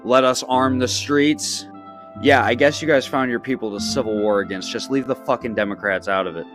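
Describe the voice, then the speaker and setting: A man's voice: on the low side, fast talker. A man giving taunting, profane reaction commentary over background music.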